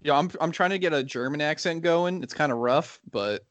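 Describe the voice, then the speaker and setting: A man's voice: on the high side, brisk, fairly bright tone, no echo, dull audio. A young man co-hosting a casual podcast with friends, laughing often and restarting his sentences as he rambles. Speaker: podcast co-host. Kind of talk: casual chat.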